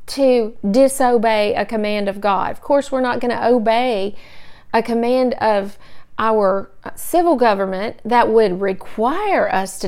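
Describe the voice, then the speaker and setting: Brief: woman teacher, somewhat high and smooth, steady earnest Bible-study delivery. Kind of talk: podcast Bible lesson.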